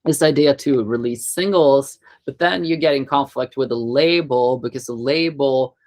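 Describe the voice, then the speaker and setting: A young adult man from Sweden, a guest musician in a casual interview, talking in halting bursts with many fillers and restarts. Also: medium pitch, darkish tone.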